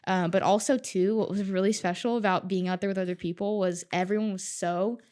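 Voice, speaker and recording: A woman talking as a podcast guest in casual chat, telling her story in an animated way, swearing freely and laughing often. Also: medium pitch, brisk.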